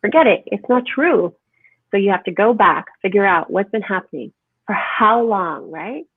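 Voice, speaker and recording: A woman's voice: medium pitch, normal speed, breathy edge, dry recording. Emphatic woman on a tinny line. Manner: animated, emphatic, lots of "right?". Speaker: holistic health speaker. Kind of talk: conversational interview. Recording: tinny phone-like line, dry.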